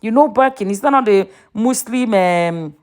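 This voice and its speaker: A woman's voice: mid-range voice, lively intonation, measured pace, a little mellow. A woman, chatting casually in a gossip vlog and reading posts aloud with a lifted voice. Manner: chatty, reads quotes aloud in a raised voice. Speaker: vlogger reading out social media posts.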